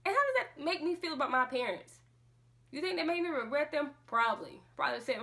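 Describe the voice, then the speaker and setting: A woman's voice: high-pitched, expressive, a little fast, vocal fry, sharp tone. A woman vlogging a casual monologue to camera, speaking with passion and firing off rhetorical questions. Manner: impassioned, full of rhetorical questions.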